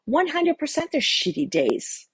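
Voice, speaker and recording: A woman's voice: sits high, wildly swooping pitch, a little slow, no echo. A middle-aged woman and lifestyle coach giving a candid, motivational talk to camera, addressing the viewer directly and swearing casually.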